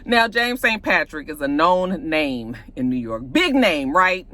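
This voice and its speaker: A woman casually recapping a TV episode, animated and profane, acting out the scenes as she goes. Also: low-pitched, a little slow. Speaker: TV show reviewer.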